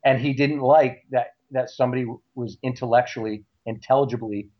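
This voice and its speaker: A man telling a story in casual talk, animated and repeating words as he goes. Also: medium pitch, brisk. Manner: animated, acts out shouting cops; repeats words and restarts often. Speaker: guest recounting a story. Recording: slightly dull lo-fi audio.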